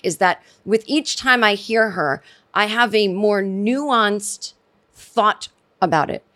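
A woman with a medium-pitched, fairly bright voice hosts her own comedy podcast, talking alone in a rambling, sarcastic manner full of restarts and asides.

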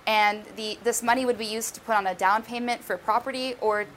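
A woman's voice: fairly high pitch, fairly even intonation, a little fast, a bit bright, a little hiss or hum. A woman correspondent in a casual news chat, talking with many ums. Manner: hesitant, many fillers.

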